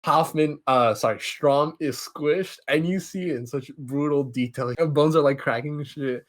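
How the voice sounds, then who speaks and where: A young man hosting a podcast, casually recapping a film series and jumping into quick impressions of the characters. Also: on the high side. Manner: animated, acts out characters' lines in quick impressions. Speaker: podcast host.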